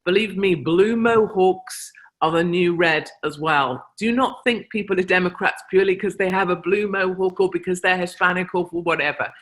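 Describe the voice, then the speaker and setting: A woman's voice: on the low side, moderate pace. British woman, convention speaker, emphatic storytelling style to a live crowd. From Britain. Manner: chatty anecdotal storytelling, emphatic. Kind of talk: speech to a live audience.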